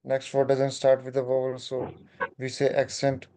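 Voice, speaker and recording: Very low, flat, slow-speaking woman student. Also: faint music behind. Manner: hesitant, tentative. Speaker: language student. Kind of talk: repeating and asking in a lesson.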